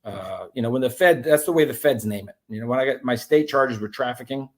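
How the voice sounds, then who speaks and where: A man telling his own story as an interview guest, animated and profane, with many restarts. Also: mid-range voice, brisk.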